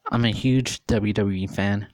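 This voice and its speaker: Slow, low-voiced earnest man in his thirties. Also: steady tone, dry recording. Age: 30s. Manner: repetitive, questioning, earnest. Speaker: vlogger. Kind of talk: casual opinion monologue.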